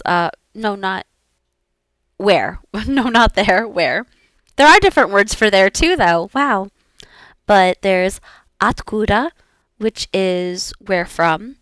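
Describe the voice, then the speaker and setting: A woman's voice: mid-range voice, lively intonation, slow, a bit bright, smooth, no room sound. A woman VTuber practicing her language lessons aloud in a casual, rambling way, often giggling and using many fillers.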